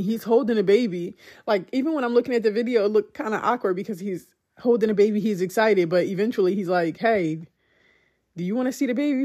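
A woman's voice: medium pitch, a little mellow. A young woman hosting a podcast, telling a personal story in a conversational, emotional way with many "like"s. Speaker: podcast host.

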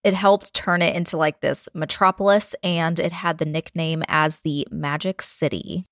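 A woman's voice: on the low side, a bit bright, dry recording, clean studio sound. A woman hosting a paranormal podcast, chatty and casual as she narrates history, laughing easily. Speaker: podcast host.

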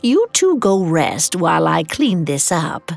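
Woman voicing a chatty, welcoming storybook hostess, slightly lower voice. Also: very animated, measured pace, gravelly, faint music behind, full character voice. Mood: friendly. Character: hospitable woman living alone in a sweet house.

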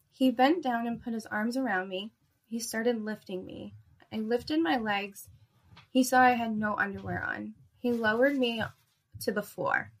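Woman, erotic story narrator, hushed, intimate, vocal fry. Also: mid-range voice. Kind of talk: first-person erotic story reading.

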